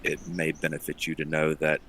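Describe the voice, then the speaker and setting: A very low-voiced man speaks in character, measured and earnest. A faint hum of noise sits under his voice. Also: monotone, fairly bright tone. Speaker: player. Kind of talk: in-character roleplay.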